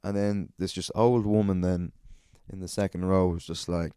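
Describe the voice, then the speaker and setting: A man's voice: deep voice, level tone, fairly quick, dark tone, smooth, dry recording, studio quality. A man who hosts a podcast and does stand-up, telling a profane, rambling anecdote on his own. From Ireland. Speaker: podcast host and stand-up comedian. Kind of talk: casual solo podcast storytelling.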